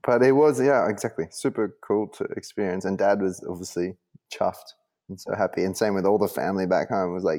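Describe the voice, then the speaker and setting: Young man, Australian accent, low voice, casual rambling storyteller. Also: fairly quick, dark tone. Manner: rambling, full of likes and restarts. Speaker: guest.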